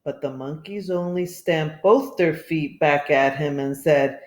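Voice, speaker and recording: A woman reading a children's picture book aloud, expressive and asking listeners questions. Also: sits low, a little slow, hardly any pauses, heavy background noise. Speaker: storybook reader. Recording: echoey room.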